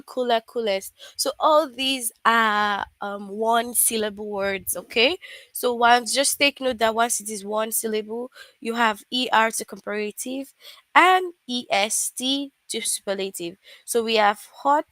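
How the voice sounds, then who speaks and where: Online class teacher, woman, unhurried and patient, dry close sound. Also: on the high side, a bit bright, dry recording. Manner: patient, repeats examples slowly.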